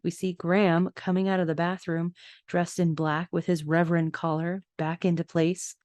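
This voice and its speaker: A woman's voice: low voice, darkish tone, no echo, clean studio sound. A woman hosting a casual podcast, narrating film scenes in detail with chatty asides. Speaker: podcast host.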